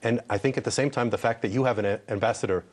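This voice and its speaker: A man's voice: medium pitch, fairly even intonation, racing, a little mellow, slightly rough. A man who is an ambassador from Israel, answering questions in a TV news interview in an earnest way and repeating words when he presses a point.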